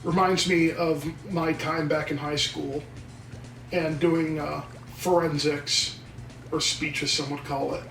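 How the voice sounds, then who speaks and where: A man's voice: on the high side, flat delivery, slow pace, gravelly, fairly bright tone, roomy sound, recorded from a distance, faint music behind, rough recording. A man co-hosting a casual gameplay video, joking and theatrical as he wanders off on tangents. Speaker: co-host of gaming channel. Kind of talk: casual let's play banter.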